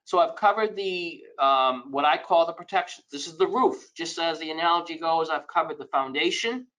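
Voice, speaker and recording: A man's voice: a little high, normal speed, fairly bright tone, poor audio. A man presenting a financial webinar in a conversational lecture style, giving emphatic advice with frequent asides.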